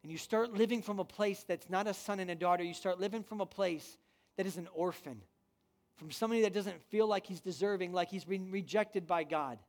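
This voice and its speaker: This pastor has a high voice and speaks fairly fast, delivering an emphatic sermon to a roomful of people in church. Rhetorical questions run throughout his preaching.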